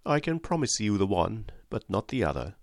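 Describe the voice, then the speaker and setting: A man voicing a menacing older criminal mastermind in an audiobook reading, with soft, precise, coldly polite speech. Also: fairly low pitch, sing-song, moderate pace, dry recording, studio quality.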